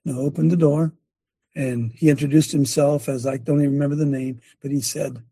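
A man's voice: on the high side, steady tone, a little fast, mellow, slightly rough, no room sound. An older man and former coach giving a sermon-like testimony, telling it emphatically with many repeats and restarts. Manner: breaks off to direct a helper at a screen.

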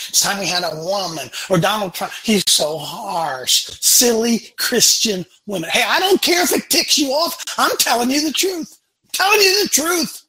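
A man with a husky voice hosts a fiery, preaching talk. He speaks bluntly and drives his points home by repeating them. The tone is bright and forceful. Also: on the high side, low-quality recording. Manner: emphatic, blunt, repeats lines for punch. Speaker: show host.

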